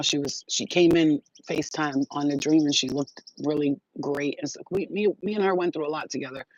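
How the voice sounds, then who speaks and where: A woman's voice: low voice, a little mellow. A woman psychic reader hosting a casual livestream, talking brashly with plenty of swearing and laughter. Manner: brash and profane, laughing often. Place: at home. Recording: dull lo-fi sound.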